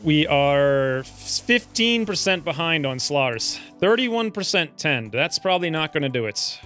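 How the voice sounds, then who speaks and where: A man with a high voice talks through his game with hiccups, mumbling orders to himself and then rising into loud yelps when things go wrong. Faint music plays under his voice. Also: a little slow. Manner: excitable, jumps between calm muttering and high yelps. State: has the hiccups. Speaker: let's play gamer. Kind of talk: casual gameplay commentary.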